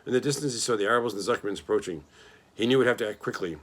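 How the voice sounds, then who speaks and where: A man reading a children's novel aloud in a plain, steady storytelling manner. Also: on the low side, racing. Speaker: reader.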